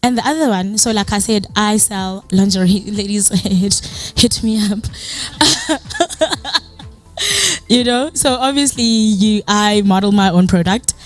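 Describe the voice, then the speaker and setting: A woman's voice: medium pitch, normal speed, soft background music. Chatty South African woman telling her story. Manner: chatty storytelling with many "you know" fillers; acts out quoted dialogue in a lively way. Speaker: guest speaker. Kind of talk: motivational personal talk.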